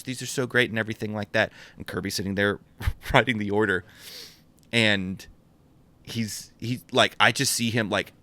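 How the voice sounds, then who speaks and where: A man co-hosting a podcast, telling animated stories and often laughing as he goes. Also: fairly low pitch. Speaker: podcast co-host and menswear store buyer. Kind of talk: casual podcast storytelling.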